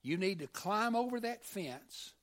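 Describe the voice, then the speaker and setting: Brief: man doing a patient, faithful enslaved man in a sermon story, lifted pitch, slow and earnest. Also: lively intonation, a bit bright. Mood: gentle. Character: gentle, devout enslaved man, patient and humble.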